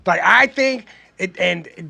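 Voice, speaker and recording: A man's voice: high-pitched, measured pace, vocal fry, bright, forceful tone, dry recording. A man co-hosting a live podcast, chatting casually, laughing often and swearing freely, with a Southern Californian accent. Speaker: podcast co-host.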